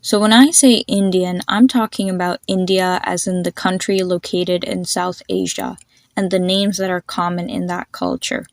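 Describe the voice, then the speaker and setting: A woman's voice: fairly low pitch, dry recording. Woman patiently explaining pronunciation on a podcast. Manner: patient, spells out names and slows down to demonstrate sounds. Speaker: podcast host.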